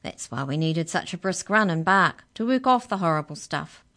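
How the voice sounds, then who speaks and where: A woman's voice: fairly low pitch, animated, normal speed, a bit bright. A woman doing a big boisterous dog leader. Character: big gruff male dog pack leader.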